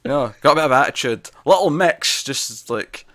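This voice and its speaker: A man's voice: medium pitch, expressive, moderate pace, a bit bright. A young man, co-hosting a casual TV review chat, joking and blunt. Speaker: podcast co-host.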